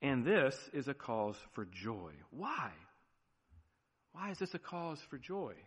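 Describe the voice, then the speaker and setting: A man preaching a sermon as pastor, animated, with sudden drops to a quiet, emphatic tone. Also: medium pitch, slow pace, breathy edge, in a large hall.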